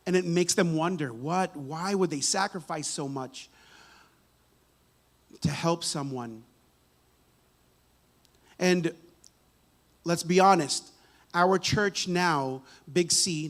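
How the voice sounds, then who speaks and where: Male preacher with a lightly high voice, chatty sermon delivery, frequent "right?" asides. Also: fairly bright tone. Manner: conversational, repeats words and asks "right?" often. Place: church sanctuary.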